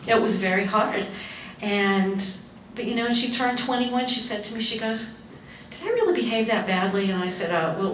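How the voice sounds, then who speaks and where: Woman, panel speaker, animated storytelling, distant mic, faint hiss. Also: medium pitch. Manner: lively storyteller, acts out quotes. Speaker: workshop panelist. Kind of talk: anecdotal talk to an audience. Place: community seminar hall. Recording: echoey hall, mic far off.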